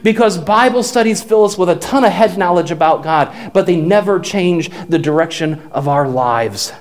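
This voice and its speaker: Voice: medium pitch, animated, moderate pace. A pastor preaching a sermon to a congregation, building emphasis through repeated phrases that rise and fall. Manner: emphatic, repetitive preaching with rises and falls.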